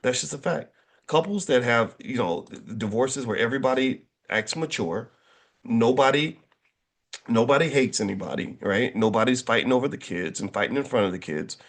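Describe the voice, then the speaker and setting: A middle-aged man talks to a crowd with a lively, swooping pitch that jumps up when he gets excited. He tells stories with jokes and stumbles over his words, restarting sentences as he goes. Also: normal speed. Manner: animated, joking storyteller with many restarts. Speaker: finance educator and speaker. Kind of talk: casual talk to an audience.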